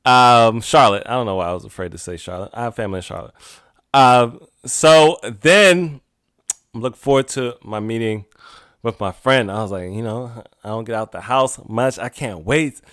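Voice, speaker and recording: A man hosting a podcast alone, telling a rambling casual story with frequent laughs and sudden animated outbursts. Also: mid-range voice, moderate pace, clear, resonant tone, no echo, studio quality. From United States. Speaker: podcast host. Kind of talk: casual solo monologue.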